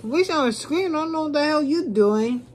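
A woman's voice: high-pitched, expressive, fairly quick, a little mellow, a little hiss or hum, voice pushed up. A woman voicing a panicky young driver who stammers and pleads with a police officer. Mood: protesting.

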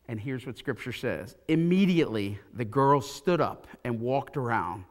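A man preaching a sermon from a church pulpit, retelling a scripture story with animated, acted-out quotes. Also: mid-range voice, moderate pace. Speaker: pastor. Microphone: pulpit mic.

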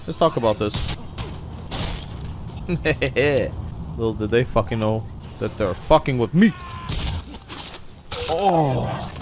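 Excitable, swearing young man playing a game. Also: medium pitch, a little hiss or hum. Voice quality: excitable, profane, joking. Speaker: gaming video creator. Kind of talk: let's-play commentary.

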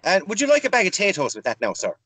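A man's voice: a little high, huge pitch swings, fairly quick, fairly bright tone, slightly rough, dry recording, full character voice. A man voicing a pushy Irish shopkeeper who keeps pressing offers on a customer. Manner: insistent, repeats offers.

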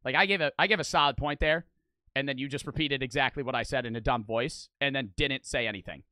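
A man's voice: mid-range voice, fast talker, bright, forceful tone, no room sound, studio quality. A young man giving rambling, argumentative reaction commentary, swearing often and restarting his sentences. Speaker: online reaction streamer.

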